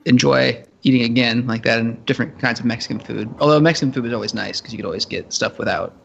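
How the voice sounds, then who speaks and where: A man's voice: mid-range voice, fast, gravelly, slight background noise. A man co-hosting a casual podcast, easygoing, often laughing and stammering. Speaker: podcast co-host. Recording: dull lo-fi line.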